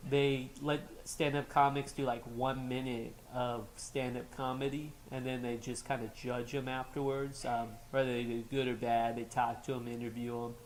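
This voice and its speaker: A man's voice: mid-range voice, flat delivery, normal speed, hardly any pauses, a little hiss or hum. Casual man with a New York-sounding accent. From Los Angeles. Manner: loose and rambling, trails off with fillers. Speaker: co-host. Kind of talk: casual chat.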